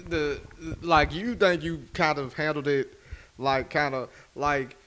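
A man's voice: fairly high pitch, slow, fairly bright tone, low-quality recording. A man chiming in during a casual chat with friends, giving advice. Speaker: podcast co-host.

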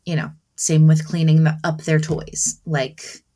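A woman's voice: low-pitched, flat delivery, measured pace, dark tone. A woman in her thirties from Southern New Jersey, co-hosting a casual podcast chat, talking in a chatty way with frequent laughs. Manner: chatty, laughs often, acts out her own lines to her kids. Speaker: podcast co-host.

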